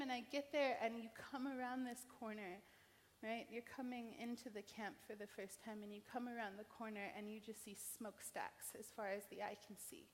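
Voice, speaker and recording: A woman's voice: on the high side, fairly even intonation, a little fast, slight background noise. Earnest American woman in a reverberant hall. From New Mexico, United States. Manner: earnest, heartfelt storytelling. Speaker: invited speaker. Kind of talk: personal conference talk. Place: large event hall. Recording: long reverb of a large hall.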